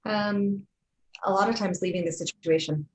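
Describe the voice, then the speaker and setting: A woman chatting casually on a webinar video call, adding comments with a quick, self-deprecating laugh. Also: mid-range voice, echoey room, poor audio.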